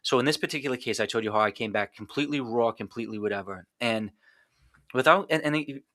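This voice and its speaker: A man's voice: mid-range voice, quick pace, fairly bright tone, dry recording, studio quality. A man telling a raw personal story in a blunt, intense way, with heavy swearing and many restarts. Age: adult. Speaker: podcast guest.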